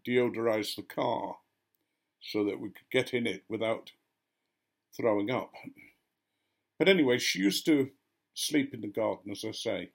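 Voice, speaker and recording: An older man, a retired vicar, telling a story casually and acting out the voices of the people in it. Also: fairly low pitch. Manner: gently amused, acting out quoted voices.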